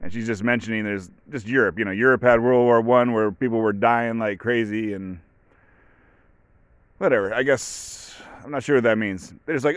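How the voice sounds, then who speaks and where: A man's voice: medium pitch, moderate pace, clear, resonant tone, no echo. A man hosting a podcast, talking in a casual, rambling way with many fillers. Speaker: podcast host. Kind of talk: casual solo commentary.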